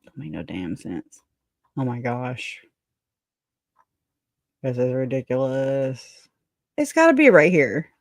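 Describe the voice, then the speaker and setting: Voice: medium pitch, big pitch swings, slow, pauses often, no room sound, clean studio sound. A live stream host chatting casually with viewers and laughing while searching for a clip.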